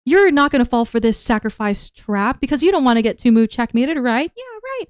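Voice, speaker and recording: A young woman, a part-time teacher, rants in a rambling, animated way, with her voice worn from shouting. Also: a little high, brisk, smooth, no room sound, studio quality. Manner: rambling, animated storytelling with acted-out quotes. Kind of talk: casual ranting vlog.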